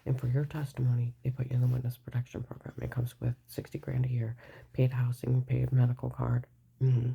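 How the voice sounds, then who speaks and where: A woman's voice: very deep voice, completely flat delivery, brisk, creaky, mellow, slightly rough. An older woman giving a rambling, agitated personal account, mostly in a whisper. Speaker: vlogger telling her story.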